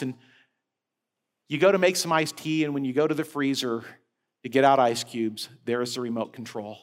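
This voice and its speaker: Man preaching, higher voice, lively storyteller, long chapel reverb. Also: moderate pace. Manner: animated storytelling that rises and falls. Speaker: head of a Baptist senior-care ministry, guest preacher. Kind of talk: sermon.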